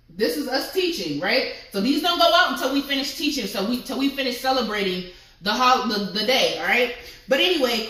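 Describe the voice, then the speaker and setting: Bright-voiced chatty woman, echoey room. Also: sits high. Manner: effusive, chatty, swearing casually. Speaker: vlogger. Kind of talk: casual vlog shout-outs.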